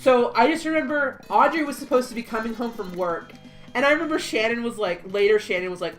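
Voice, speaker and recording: A woman telling a story in casual chat, animated, swearing freely and acting out what people said. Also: a little high, normal speed, soft background music. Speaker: podcast host.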